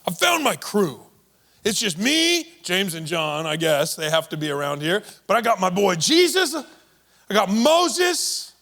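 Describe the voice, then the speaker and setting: A man voicing Peter as an eager, excitable young fisherman who gushes about his friends. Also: a little high, normal speed, vocal fry, pitched below the performer's own voice, exaggerated voice. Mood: pumped.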